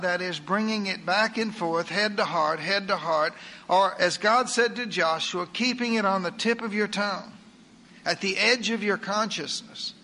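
A man preaching a sermon in an earnest way, slowing down when he reads scripture aloud. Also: high voice, sharp tone, a little hiss or hum.

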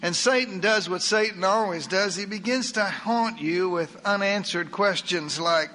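A man preaching a sermon in an earnest way, slowing down when he reads scripture aloud. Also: high voice, pushed and bright, slight background noise.

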